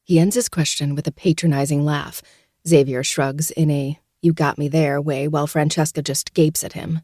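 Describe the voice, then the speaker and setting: A woman's voice: sits low, steady tone, normal speed, warm tone, dry recording. A woman podcast host narrating a novel in the first person, in a dry, sardonic manner. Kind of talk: audiobook narration.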